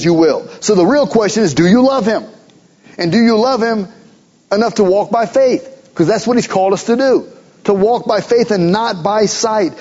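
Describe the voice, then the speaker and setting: High-pitched guy preaching, earnest and repetitive, kinda muffled lo-fi audio. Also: darkish tone, slightly rough. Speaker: pastor. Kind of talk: sermon.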